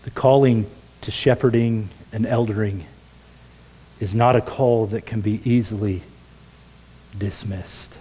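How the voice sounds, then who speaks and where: A man preaching a sermon as pastor in a church, earnest, dropping to a hush for quoted words. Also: on the low side, fairly even intonation, measured pace, pauses often, husky, low-quality recording. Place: church sanctuary.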